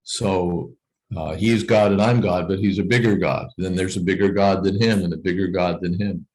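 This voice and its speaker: A man's voice: deep voice, fairly even intonation, normal speed, darkish tone, a little hiss or hum, low-quality recording. A man leading a scripture reading class over a video call, explaining points thoughtfully with frequent "you know" asides.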